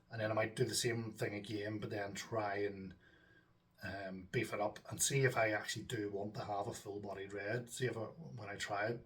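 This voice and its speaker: A low-voiced Northern Irish man rambles easily to his viewers, trailing off into ums and side comments. He sits a little back from the microphone, so his voice sounds distant. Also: fairly bright tone. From Northern Ireland. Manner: rambling and chatty, with frequent ums and asides to viewers. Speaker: homebrewing channel host. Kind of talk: casual chat to camera.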